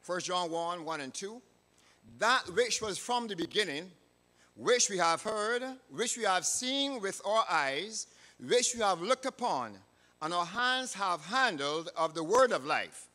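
A man with a Barbadian accent, a church elder, preaching a sermon in a measured, emphatic way. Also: sits high, expressive, bright, forceful tone. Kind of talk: sermon with a read-aloud story. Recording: reverberant hall.

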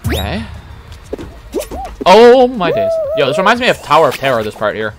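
A man streaming a platform game, talking casually in an excitable, boastful way with sudden yelps. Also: medium pitch, racing, music in the background. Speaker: livestreamer. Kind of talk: casual gaming commentary.

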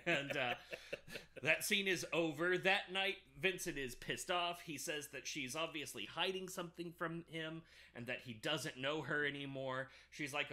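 A man's voice: on the high side, moderate pace. A man co-hosting a podcast, casually retelling a film's plot and acting out the characters' lines with laughs. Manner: animated retelling with acted-out quotes and laughs. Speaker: podcast co-host. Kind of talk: casual movie recap chat.

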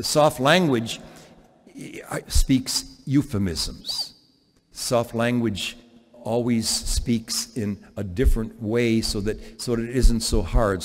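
A man, a priest, giving a homily in a chapel, preaching in an animated way with frequent restarts. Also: mid-range voice. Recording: long chapel reverb.

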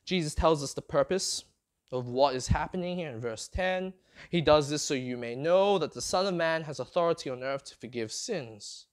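A man's voice: on the high side, normal speed. A man preaching a sermon, often putting rhetorical questions to his listeners. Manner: asks the congregation many rhetorical questions; expressive, rising and falling delivery.

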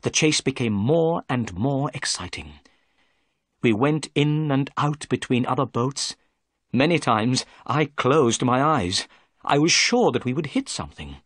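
A man narrating a story for English learners in a clear, expressive storytelling manner. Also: medium pitch, unhurried, no echo, studio quality.

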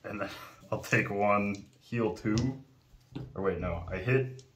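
A man's voice: fairly low pitch, slow. A man talking through his moves in a tabletop miniatures game, matter-of-fact and casual. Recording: echoey room with faint noise.

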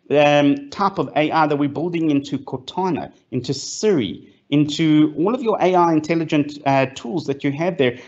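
This guest speaker in a fireside chat is a South African man whose voice is a little high with a darkish tone. He talks enthusiastically, often using fillers and restarting sentences, and the video-call recording is lo-fi.

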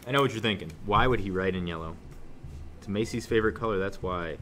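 A young man teaching a math class, joking with students and suddenly yelling for effect, recorded in a classroom. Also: fairly low pitch, quick pace, a little hiss or hum. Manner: joking, animated, shouts suddenly. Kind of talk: classroom lesson.

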